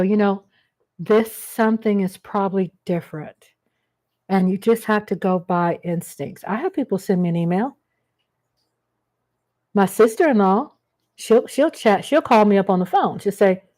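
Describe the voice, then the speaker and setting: A woman's voice: mid-range voice, a little mellow. Chatty woman hosting a livestream. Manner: rambling, chatty, greets viewers by name. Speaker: livestream host. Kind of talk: casual live-chat monologue.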